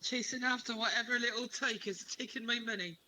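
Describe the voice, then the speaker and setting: A man's voice: very high-pitched, a little fast, bright, forceful tone, exaggerated voice, low-quality recording. A man voicing a bawdy, boozy Tudor woman in a fake beard, talking brash, bossy and flirtatious.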